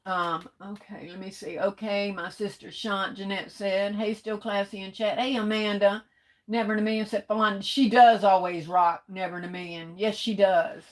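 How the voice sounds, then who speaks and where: A woman's voice: medium pitch, steady tone, normal speed. Chatty woman greeting viewers on a livestream. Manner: chatty, greets viewers warmly with "hey, baby". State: fighting off coughs and sneezes. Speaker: livestream host. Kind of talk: casual live chat reading comments.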